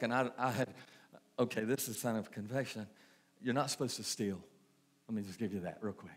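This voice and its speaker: Repetitive preaching pastor. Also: male voice, on the low side. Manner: preaching with repetition and rhetorical questions. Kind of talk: sermon.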